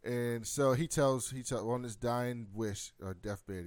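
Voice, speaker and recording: A man's voice: medium pitch, unhurried, no room sound. A man talks through a TV episode in loose, casual chat. His voice sits mid-range and sounds dry and close to the mic. He slips into the characters' lines as he retells the scenes. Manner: animated storytelling, acts out quotes. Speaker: podcast co-host.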